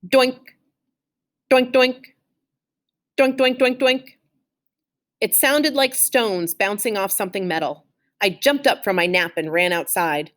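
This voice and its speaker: A woman reading a children's chapter book aloud in an expressive, animated way. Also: medium pitch. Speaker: reader.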